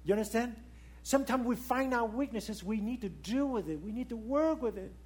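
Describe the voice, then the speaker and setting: A husky-voiced man preaching in non-native English. He keeps asking the listeners questions, climbing to loud high points and then falling back to soft, low remarks. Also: brisk. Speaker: pastor. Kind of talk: sermon.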